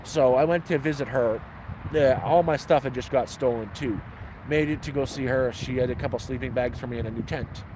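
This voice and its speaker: A man's voice: medium pitch, brisk, background noise. A man telling stories in blunt, profane, casual chat, outdoors by a city street. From Canada. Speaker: homeless vlogger answering questions. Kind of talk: casual storytelling.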